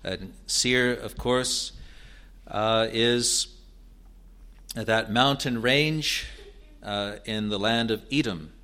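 A man preaching an expository sermon in a deliberate, earnest way, building to emphatic rises. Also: on the low side, sharp tone.

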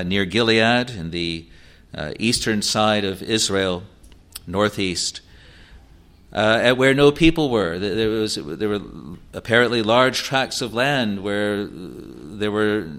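A man preaching a sermon, explaining scripture verse by verse with many pauses and "uh" fillers, reading passages in a formal old style. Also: fairly low pitch, fairly bright tone. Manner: slow and halting, frequent "uh" fillers and self-corrections; reads scripture in an older, formal register.

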